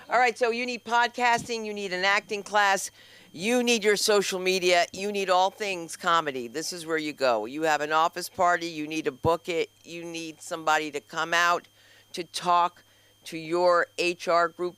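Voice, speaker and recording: A man emcees an open mic from a club stage, his voice sitting high and sounding bright and ringing. He rattles off jokes and talks straight to the crowd between acts. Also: clear, resonant tone, no room sound. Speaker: comedy show host. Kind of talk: stand-up hosting banter.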